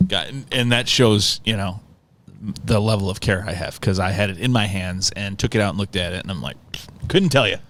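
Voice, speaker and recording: A man's voice: deep voice, brisk, fairly bright tone. A man co-hosting a casual podcast, wry and self-deprecating. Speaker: podcast co-host. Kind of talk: casual chat.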